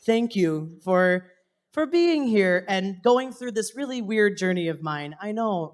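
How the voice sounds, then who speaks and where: Young male stage performer, emotional thank-you to family in the audience, earnest, sometimes hushed. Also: sits high, animated, measured pace. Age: young adult. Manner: heartfelt, voice dropping to a whisper at times, laughing between phrases.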